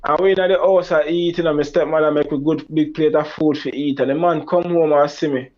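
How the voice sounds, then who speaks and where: A man's voice: on the high side, steady tone, a little fast. A man with a Jamaican accent, telling a long personal story in a rambling way, acting out quoted lines. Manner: rambling, Jamaican Creole phrasing, acts out quoted lines in a raised voice. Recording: dull lo-fi sound.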